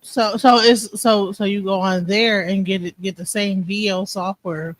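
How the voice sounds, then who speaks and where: A woman's voice: mid-range voice, fairly even intonation, unhurried, no room sound, low-quality recording. A woman in a casual podcast chat, asking many questions. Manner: inquisitive, asks many questions.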